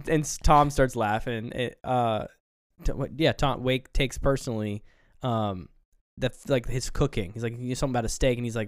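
A man's voice: medium pitch, steady tone, normal speed, hardly any pauses, smooth, no echo, clean studio sound. A man co-hosting a casual film review chat, rambling through scenes and acting out quoted lines. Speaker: podcast co-host.

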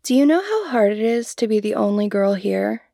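A fiery young woman coder, proud and quick to swear, speaking slowly with a gravelly, mellow edge on a higher voice, as a woman acts her out. She sounds dry and close, with no room around her. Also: steady tone, no room sound, heavily acted. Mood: angry, indignant. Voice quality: swears constantly, sharp-tongued. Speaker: computer science student. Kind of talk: adult audio role-play.

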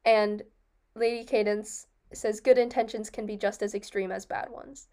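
A young woman co-hosting a casual book discussion, chatty and quick to laugh, often restarting and correcting herself. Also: medium pitch, level tone, mellow, clean tone. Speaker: podcast co-host.

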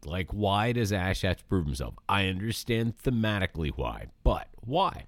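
Low-voiced podcast co-host with a swooping delivery. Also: male voice, very animated, normal speed, hardly any pauses, no room sound, clean studio sound. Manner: playful, quizzes his co-host like a game-show host. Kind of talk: casual movie-discussion chat.

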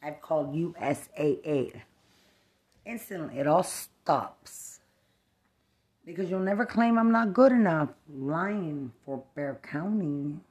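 Woman going off on a cursing rant, low voice, slow, rambling all over the place. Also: a little mellow. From Texas. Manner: angry, cursing, jumping between thoughts. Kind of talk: profane rambling rant to camera.

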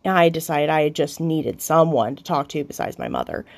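Her voice sits low and creaky, with huge swings in pitch, as this young adult woman hosts a podcast and recounts a personal story confessionally. She falters and restarts often, occasionally swearing.

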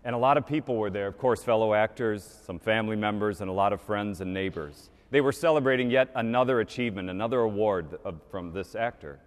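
A man's voice: on the low side, fast talker, hardly any pauses. A man preaching a sermon in a cathedral, telling a story and acting out the voices of the people in it. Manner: storytelling, acts out quoted voices. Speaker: priest. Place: large cathedral. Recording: long cathedral reverb.

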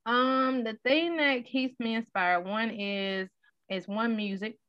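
A woman in her thirties in casual conversation, an animated storyteller who acts out the voices in her stories. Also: fairly high pitch, slow, smooth, dry recording. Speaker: guest sharing her story. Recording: dull, dry sound.

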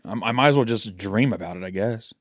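A podcast co-host with a fairly low voice talks briskly in casual chat, joking and swearing freely through playful banter. The recording is dry and studio quality.

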